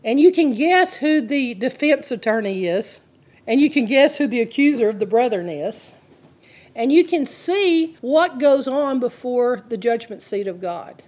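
A woman with a slightly high voice, preaching in a casual, talky way. She works through a story with earnest feeling and quotes the people in it as she goes. Her tone stays warm and direct, like teaching a congregation. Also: big pitch swings, a little slow. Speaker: Christian teacher. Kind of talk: conversational sermon storytelling.

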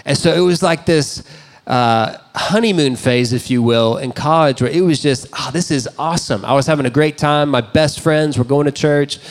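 A man's voice: fairly high pitch, moderate pace. A man in his thirties, a pastor, preaching a sermon in a conversational, self-deprecating storytelling way. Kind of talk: sermon with personal stories.

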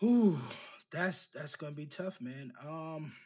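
Animated man chatting casually. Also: takes it slowly. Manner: animated, acts out quotes with big pitch jumps, laughs often. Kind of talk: casual film discussion.

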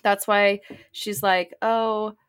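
A woman co-hosting a casual podcast, retelling movie scenes and acting out the characters' lines in quick quoted bits. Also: medium pitch, fairly bright tone. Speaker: podcast co-host. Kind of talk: casual chat.

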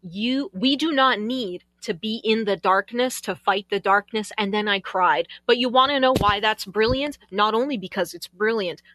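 Excitable woman with a bright, dry voice. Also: medium pitch, moderate pace, hardly any pauses, dry recording. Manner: gushing, excitable, laughs and exclaims often. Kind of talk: casual podcast chat about a video game.

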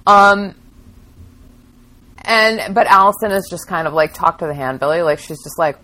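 A woman's voice: on the low side, bright, forceful tone, low-quality recording. A woman casually recapping a TV drama on a podcast, chatty and full of fillers. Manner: chatty, filler-heavy, quick retelling with acted quotes. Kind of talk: casual chat.

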